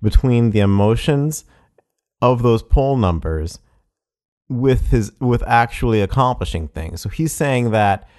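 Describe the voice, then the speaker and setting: A man's voice: mid-range voice, lively intonation, a little slow, darkish tone. A man commenting on a speech clip in a conversational, admiring way, with fillers and self-corrections.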